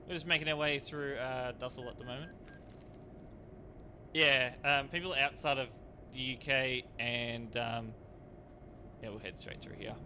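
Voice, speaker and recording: A man talks his way through a live game stream. He wanders from thought to thought and answers viewers' messages as they come in. His voice is bright and forward, with a light hiss of noise behind it. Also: medium pitch, steady tone, measured pace, long pauses. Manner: casual, rambling, with frequent fillers. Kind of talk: live-stream commentary, reading chat aloud.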